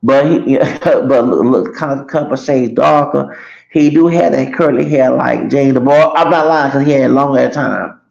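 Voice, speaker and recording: A man's voice: medium pitch, normal speed, gravelly, a little mellow. A man telling a long, rambling story on a livestream, cursing freely and talking to his viewers as y'all. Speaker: streamer. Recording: echoey room, dull lo-fi sound.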